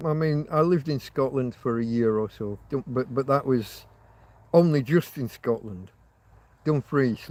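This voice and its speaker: A man's voice: medium pitch, dry recording. A man hosting a loose livestream chat with viewers from outdoors in a field, talking in a rambling, wry, self-mocking way with frequent restarts. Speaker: livestream host. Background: passing motorbike.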